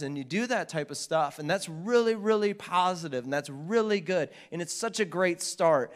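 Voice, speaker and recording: Pastor, male, higher-pitched, relaxed conversational sermon with jokes to the room. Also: moderate pace, hardly any pauses. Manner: conversational preaching with asides and jokes to the congregation. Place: church.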